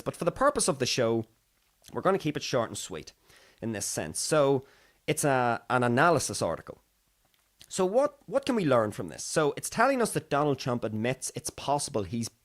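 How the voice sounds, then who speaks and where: A lively Irish man with a medium-pitched voice hosts a podcast of casual solo commentary. He's chatty and digressive and acts out other people's voices.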